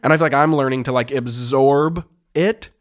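Blunt, fast-talking husband on a podcast. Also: male voice, medium pitch. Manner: blunt, direct, talks in quick restarts. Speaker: podcast co-host. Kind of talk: casual conversation. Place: quiet room with cameras and lights.

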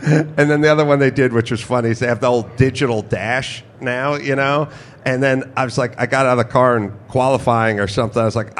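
A man who races cars, telling a lively story on a podcast at a busy trade show booth, acting out what people said. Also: a little fast, slight background noise. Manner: lively, acts out quotes with rising pitch. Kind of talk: animated storytelling.

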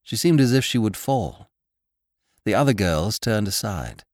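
A deep-voiced man reads a classic tale at an unhurried pace. His delivery is measured and expressive, with a lively rise and fall. The recording is close and dry, with no room sound. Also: no echo. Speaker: audiobook narrator and podcast host. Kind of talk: scripted narration.

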